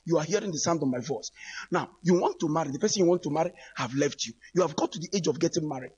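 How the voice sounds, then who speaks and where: A man preaches over the radio, fervently calling out to his listeners again and again in a repetitive broadcast appeal. His voice is a little high and darkish in tone, with a breathy edge, and he races along. The recording sounds muffled.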